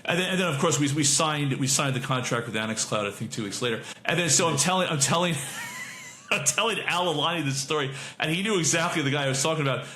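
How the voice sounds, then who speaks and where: A man's voice: fairly high pitch, expressive, quick pace. A man co-hosting a podcast in casual chat, telling stories in a rambling way and often correcting himself and restarting. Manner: rambling storyteller, many self-corrections and restarts. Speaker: podcast co-host. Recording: bright, echoey room with faint hiss.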